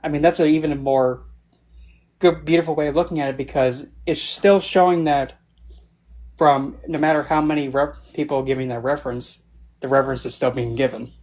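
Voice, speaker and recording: A man's voice: on the high side, fairly even intonation, brisk, a little mellow. A man chats casually as a livestream guest and author. He tells long, meandering anecdotes, circling back on his words and restarting as he goes. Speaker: book club guest and author.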